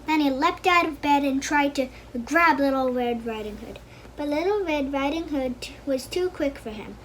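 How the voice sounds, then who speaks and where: High-voiced woman reading a children's story. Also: moderate pace, slight background noise, low-quality recording. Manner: reads aloud with small slips.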